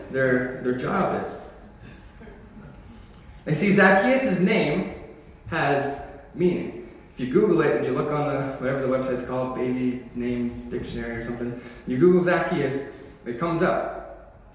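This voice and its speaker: Young male preacher, high voice, chatty sermon with emphatic calls, miked from a distance in a big reverberant hall. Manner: casual, joking, builds to emphatic declarations. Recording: echoey hall, voice from far off.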